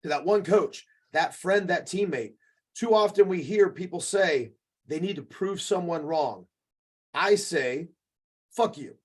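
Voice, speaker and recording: A man's voice: sits high, measured pace, breathy edge. A man co-hosting a podcast as a jiu-jitsu coach, giving an emphatic, profane motivational talk that keeps checking in with "okay".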